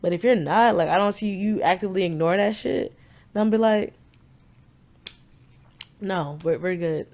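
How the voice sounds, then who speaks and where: A woman's voice: medium pitch, brisk, darkish tone. A woman in her twenties with a Southern US accent, co-hosting a podcast in frank, profane casual chat full of "like". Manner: frank and profane, heavy use of "like". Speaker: podcast co-host.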